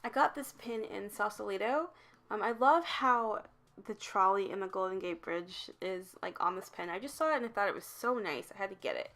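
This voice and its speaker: A young adult woman vlogging in a casual, chatty way, laughing often and growing animated in stories. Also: mid-range voice, brisk. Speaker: travel vlogger. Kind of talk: casual chat.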